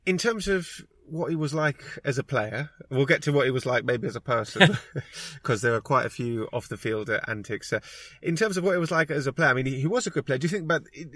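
A man's voice: mid-range voice, fairly quick, fairly bright tone, no echo, clean studio sound. Male podcast host asking questions. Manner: conversational, puts questions to guests. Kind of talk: casual podcast discussion.

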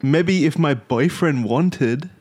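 A man reading out a teenage girl's flat, unenthusiastic chat replies in a slightly raised voice. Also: fairly high pitch, slow pace. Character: teen girl texting flat, bored replies. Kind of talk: dramatic reading of chat messages.

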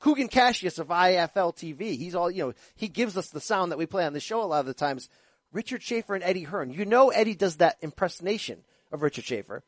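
Boxing podcast host guy, eager, talks quick, dry close sound. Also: high voice, lively intonation, dry recording. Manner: enthusiastic storyteller. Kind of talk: casual chat.

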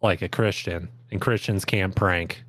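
A man in casual chat, deadpan and contrarian. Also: low voice, measured pace, no echo, clean studio sound.

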